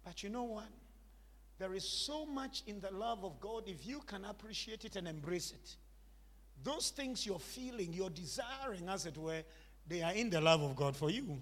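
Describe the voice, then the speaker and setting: A man's voice: sits high, lively intonation, moderate pace, a bit bright, big-room sound. A man preaching a sermon, emphatic and repetitive, calling on the congregation to repeat after him.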